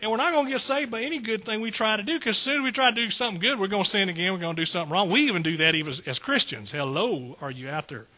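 High-voiced, husky preacher man. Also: animated, racing, few pauses, bright, forceful tone. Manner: folksy, calls out to the congregation. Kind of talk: sermon.

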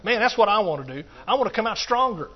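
This preacher has a high voice, lively intonation and a quick pace. He drives his sermon forward with rhythmic, repeated phrases, dropping in hallelujahs along the way, though the audio is dull and muffled.

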